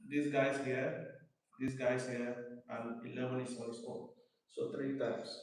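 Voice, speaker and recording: A man with a Nigerian accent teaching a live math lesson, repeating each definition slowly and quizzing his student. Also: mid-range voice, level tone. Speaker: math tutor. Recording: very echoey room, mic far off.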